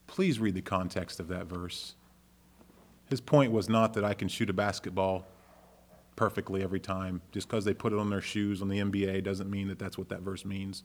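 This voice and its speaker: A man preaching a sermon as a pastor, earnest and conversational, rising into loud, animated storytelling. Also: moderate pace. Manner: acts out characters with raised pitch in anecdotes.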